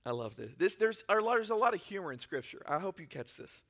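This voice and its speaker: A man preaching a lively sermon as pastor, acting out Bible scenes in playful voices. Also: high voice, a little fast. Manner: energetic, acts out Bible scenes in character voices.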